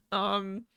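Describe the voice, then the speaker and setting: A woman's voice: mid-range voice, creaky, bright, forceful tone, smooth, dry recording, clean studio sound. A young woman co-hosting a casual podcast, recapping a book with frequent laughs, casual swearing and many ums. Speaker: podcast co-host.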